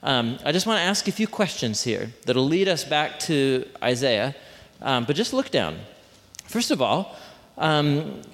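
A man's voice: mid-range voice, very animated, unhurried, fairly bright tone. A man preaching a conversational sermon to a congregation, often asking them questions. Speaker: pastor. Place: church hall with congregation. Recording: long hall reverb.

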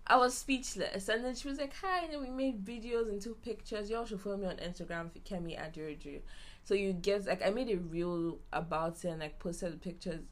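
A young woman hosting a podcast, telling a story in a bubbly, animated way and acting out what people said. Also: medium pitch, brisk. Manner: bubbly, animated storytelling with laughs and acted-out quotes. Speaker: podcast host. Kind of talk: casual story time.

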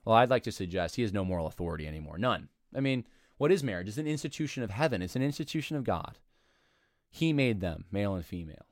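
A man reading aloud from an article and critiquing it in an argumentative, animated way, breaking in with asides and short laughs. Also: lowish voice, quick pace, dry recording, clean studio sound. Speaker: commentator.

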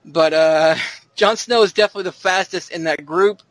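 A man with a fairly high voice hosts a casual podcast, steering the talk with quips and easy laughter. The sound is dry and close, with no room around it. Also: moderate pace, no room sound. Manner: jokey, leads the discussion. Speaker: podcast host. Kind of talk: casual chat about a TV trailer.

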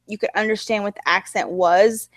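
A woman's voice: medium pitch, fairly even intonation, moderate pace, no room sound. A woman in casual chat about writing, rambling with lots of fillers. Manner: rambling, many fillers like "like" and "you know".

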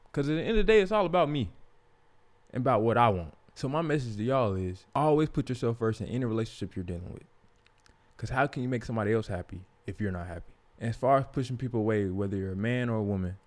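Candid young man storytelling. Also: lowish voice. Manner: profane, candid, animated when quoting others. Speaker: podcast host. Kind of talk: casual storytelling monologue.

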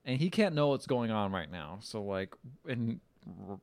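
A man's voice: on the low side, big pitch swings, normal speed, a little mellow, smooth. A man co-hosting a podcast, casually retelling a movie's plot and acting out the characters' lines. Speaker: podcast co-host recapping a film. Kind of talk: casual chat.

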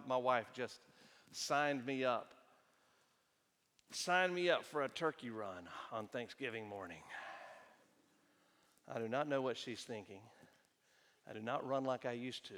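A middle-aged man preaching a sermon, swinging between hushed, slow passages and loud, emphatic ones. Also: mid-range voice, long reverb tail. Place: church sanctuary.

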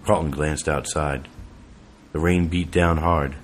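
Very deep-voiced male audiobook narrator. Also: steady tone, slow, a little hiss or hum.

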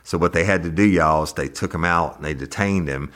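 A man's voice: sits low, fairly quick, a bit bright. A man casually retelling a court hearing, acting out the quoted voices and restarting his sentences often. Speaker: narrator recounting a court hearing. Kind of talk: casual storytelling.

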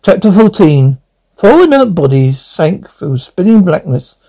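A man's voice: high voice, very animated, unhurried, mellow, poor audio. A man reading a novel aloud as narrator, often tripping over words and correcting himself. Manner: stumbling, corrects misreadings. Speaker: audiobook reader. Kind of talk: storybook narration.

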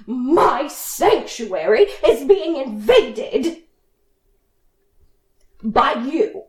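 A woman running a tabletop game as game master, narrating in an animated way with frequent laughter. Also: sits high, reverberant, background noise. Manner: animated, laughing, drawn-out delivery.

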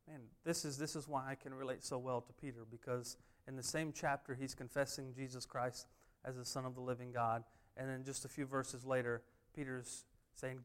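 A man's voice: medium pitch, level tone, normal speed. A man preaching a sermon, driving points home with emphatic repeated refrains. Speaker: pastor.

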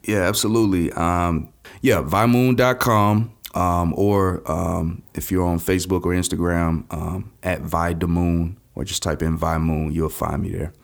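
A man speaking as a guest on his wife's podcast, heartfelt and halting, with many ums. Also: sits low, fairly even intonation, creaky. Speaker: podcast guest, host's husband. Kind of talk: casual podcast interview.

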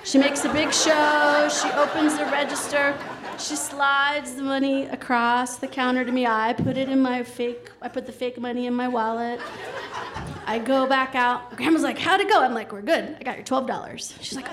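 Lively woman telling a story live. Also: high voice, normal speed. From Colorado. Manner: lively, acts out the quoted voices.

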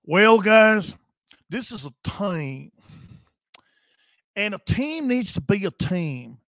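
A man's voice: high-pitched, sing-song, slow, creaky, dry recording, studio quality, heavily acted. A man doing a folksy drawling old team owner.

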